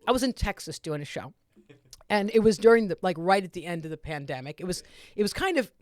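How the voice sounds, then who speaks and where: A woman host talks politics in a casual, exasperated way, her sentences tumbling and restarting. Her pitch swings widely and lively. The sound is dry and close, with no room around it. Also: quick pace, no room sound. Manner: animated, exasperated, many restarts. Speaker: podcast host. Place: comedy club.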